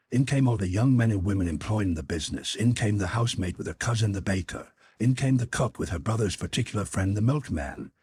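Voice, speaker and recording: A man narrating a classic novella as an audiobook with expressive storytelling. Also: fairly low pitch, breathy edge. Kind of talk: scripted narration.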